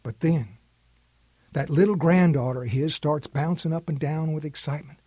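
A man telling a story in a calm, homespun way. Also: on the high side, normal speed, husky, dry recording. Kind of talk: storytelling narration.

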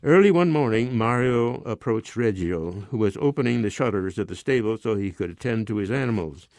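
A man reading a short story aloud in a measured, even narration. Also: fairly low pitch, no echo, clean studio sound. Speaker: story reader. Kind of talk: scripted narration.

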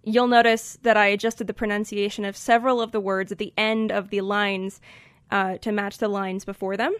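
A woman's voice: mid-range voice, little pitch movement, fairly quick, a bit bright, no echo. A woman from Colorado with an American accent, hosting a podcast, chatting thoughtfully and reading poetry aloud. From Colorado, USA. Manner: thoughtful, with fillers. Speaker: podcast host. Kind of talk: casual chat and poetry reading.

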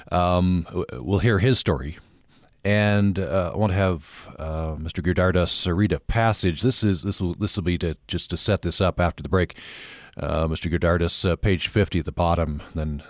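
A male radio host leading an interview, speaking thoughtfully with many uhs. His voice is deep. The studio sound is close and dry. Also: no echo.

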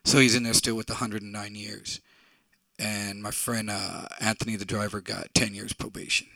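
A man's voice: lowish voice, little pitch movement, normal speed, gravelly, sharp tone, dry recording. A middle-aged man from San Antonio telling a true story on stage in a blunt, candid, conversational way with casual swearing.

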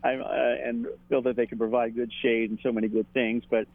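A man, a political editor giving a relaxed analysis on the radio and chuckling often. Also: mid-range voice, brisk, dry recording. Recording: dry, tinny phone-line sound.

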